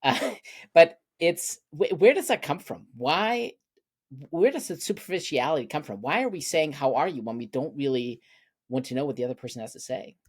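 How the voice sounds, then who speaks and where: A man's voice: fairly high pitch, expressive, normal speed, slightly rough. A man from Germany hosting an interview, asking reflective questions and repeating words as he thinks. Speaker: interview host. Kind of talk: interview conversation.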